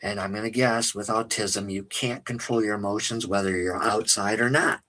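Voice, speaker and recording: A middle-aged man who runs a paranormal investigation channel, talking candidly to his viewers in a blunt, profane and defiant way, stressing words slowly for emphasis. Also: on the low side, fairly even intonation, sharp tone, low-quality recording. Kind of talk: candid personal monologue to stream viewers.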